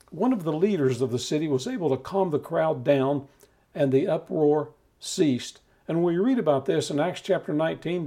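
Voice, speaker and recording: A man preaching a steady, measured Bible teaching, talking the listener through scripture. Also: a little high, husky. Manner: calm measured teaching with occasional restarts.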